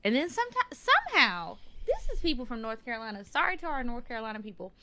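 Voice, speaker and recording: A woman's voice: on the high side, wildly swooping pitch, fast talker, pushed and bright, a little hiss or hum. A woman with a Southern US accent co-hosting a casual podcast chat, blunt, swearing freely and laughing often. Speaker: co-host.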